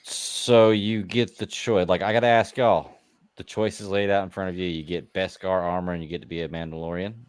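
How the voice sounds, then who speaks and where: A man's voice: low voice, steady tone, a little fast, clean tone, dry recording. A man co-hosting a podcast, chatty and putting questions to his co-hosts. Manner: chatty, poses questions to the others. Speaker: podcast co-host. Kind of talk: casual chat.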